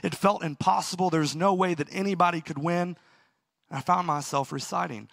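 Earnest man preaching, gravelly voice. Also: fairly high pitch, a little fast, a bit bright, dry recording, studio quality. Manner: storytelling, earnest, laughs at himself. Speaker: pastor. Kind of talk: sermon.

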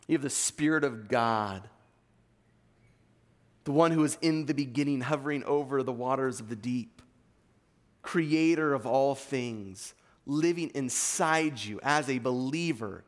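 In a long, reverberant hall, a pastor with an East Coast American accent reads scripture and earnestly presses his points during a sermon. His voice is medium in pitch and a little slow.

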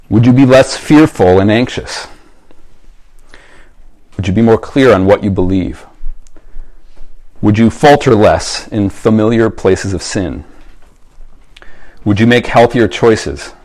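A male pastor with a fairly low voice preaches a sermon. He talks in a relaxed, conversational way, like someone telling a story. He often pauses to ask his listeners questions to reflect on.

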